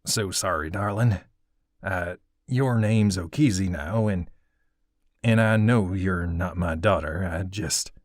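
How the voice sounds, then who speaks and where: A man doing a gentle, grieving old craftsman. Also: deep voice, slow pace, dry recording, clean studio sound. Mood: apologetic. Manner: gentle, soothing, rustic dialect. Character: bearded older male craftsman, grieving tender father.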